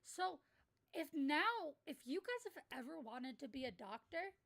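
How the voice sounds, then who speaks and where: A woman's voice: high voice, sing-song, unhurried, creaky, fairly bright tone. A woman livestreamer in a casual rant, talking bluntly and heatedly, with plenty of swearing. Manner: blunt, profane, heated ranting.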